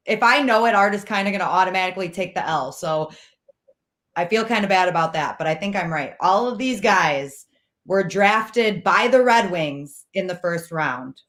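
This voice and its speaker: A woman's voice: mid-range voice, moderate pace, a bit bright. A woman on a sports talk show, chatting eagerly and a little tentatively about a memory. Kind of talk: casual chat.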